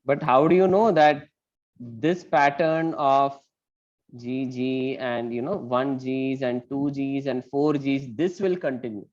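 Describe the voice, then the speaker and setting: A man's voice: mid-range voice, slow pace, a little mellow. Patient male teacher on a muffled call. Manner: patient, questioning, explains step by step. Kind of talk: online class teaching.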